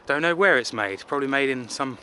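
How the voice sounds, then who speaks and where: Chatty English man, bright voice. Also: medium pitch, animated, brisk, slight background noise. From England. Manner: chatty, rambling, self-deprecating with filler words. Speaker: travel vlogger. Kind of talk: casual rambling travel vlog. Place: outdoors in a city.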